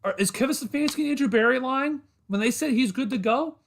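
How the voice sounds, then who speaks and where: A man's voice: very high-pitched, quick pace, gravelly. A man hosting a solo sports podcast livestream, talking to his chat in a frustrated, repetitive rant.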